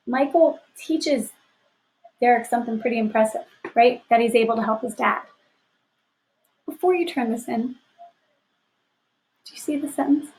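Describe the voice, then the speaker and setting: A woman's voice: on the high side, rough recording. A woman teaching a fourth grade class in a recorded lesson, upbeat and encouraging, often checking in with "right?". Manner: upbeat, encouraging, asks rhetorical questions. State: sleepy, yawning. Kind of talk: remote class lesson to children.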